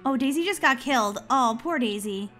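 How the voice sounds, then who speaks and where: A woman hosting a gaming channel, giving excitable let's-play commentary, giggling and shrieking when chased. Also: high voice, moderate pace, faint music behind.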